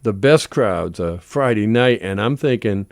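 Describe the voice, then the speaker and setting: A man with a Boston accent, a stage actor telling stories as a talk-show guest, animated and full of restarts. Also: lowish voice, unhurried, no room sound, studio quality. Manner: animated storyteller with many restarts. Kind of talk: casual talk-show chat.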